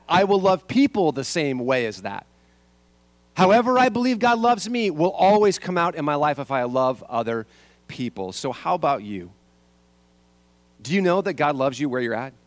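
A man's voice: medium pitch, dry recording. A man preaching a sermon as a pastor, asking the congregation rhetorical questions and repeating his key lines.

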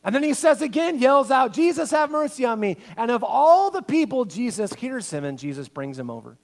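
Pastor with big dynamic swings. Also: male voice, very high voice, very animated, a little fast. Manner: swings from loud acted quotes to hushed, intimate tones. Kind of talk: sermon.

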